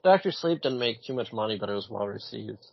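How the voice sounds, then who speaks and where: Animated, husky-voiced male podcast co-host. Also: on the low side, fairly quick, no room sound. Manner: animated, swears, repeats himself. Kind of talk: casual chat. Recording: dull lo-fi sound.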